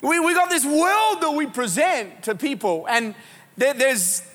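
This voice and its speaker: A man preaching a live sermon as pastor, telling stories in an animated, joking way with many restarts. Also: very high voice, measured pace. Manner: animated, jokey storytelling with lots of restarts. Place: large church auditorium. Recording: long hall reverb.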